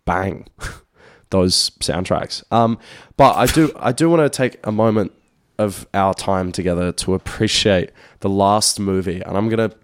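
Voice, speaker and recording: A man's voice: low voice, measured pace, dry recording. A man co-hosting a radio show in casual, chatty talk with a laid-back, slangy manner. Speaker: radio co-host.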